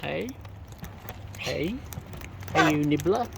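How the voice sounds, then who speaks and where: Australian man, gravelly voice, slightly high, talking softly to birds, noisy outdoor recording. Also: expressive, slow pace. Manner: teasing, affectionate baby talk to birds. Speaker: bird feeder filming wild birds. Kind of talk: casual talk to birds. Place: outdoors among wild birds.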